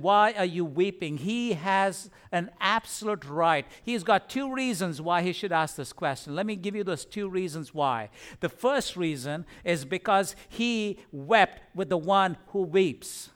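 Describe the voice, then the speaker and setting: Man preaching a sermon, high smooth voice. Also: a bit bright. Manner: earnest, repeats phrases for emphasis, stumbles at times. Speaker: pastor.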